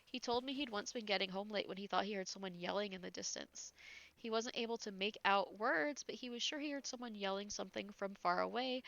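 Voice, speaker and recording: A woman's voice: medium pitch, vocal fry, a bit bright, no echo, highs cut off. Giggly woman reading ghost stories aloud. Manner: breaks off into giggles and incredulous asides. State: slightly congested.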